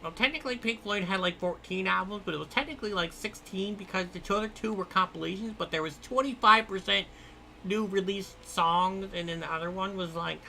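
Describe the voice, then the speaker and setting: A man's voice: sits high, fairly quick, vocal fry, pushed and bright, a little hiss or hum, voice pushed up, heavily acted. A man putting on a pedantic know-it-all nerd voice who rattles off trivia and keeps saying "technically". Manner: nitpicking, rattles off trivia, says technically a lot. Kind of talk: comedic put-on voice during a gaming stream.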